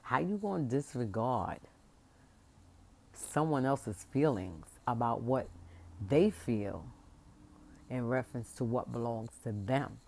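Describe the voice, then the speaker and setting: A woman's voice: a bass voice, animated, slow, gravelly, pauses often, darkish tone. A woman and parent venting to the camera in a casual vlog rant, speaking in a passionate, emphatic, rambling way.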